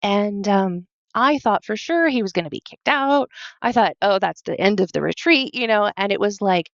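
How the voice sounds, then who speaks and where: A woman guest telling a personal story in a casual, animated way, acting out what others said and filling her sentences with fillers. Her voice sits in a middle range, and the recording is dry and slightly dull. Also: mid-range voice, a little fast, vocal fry, no room sound.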